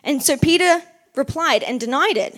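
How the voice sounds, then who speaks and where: A woman's voice: sits high, lively intonation, normal speed, fairly bright tone. A woman giving a casual sermon, chatty and full of "like", acting out the people in the story as she retells it. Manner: chatty, uses "like" often, acts out quotes. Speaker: preacher.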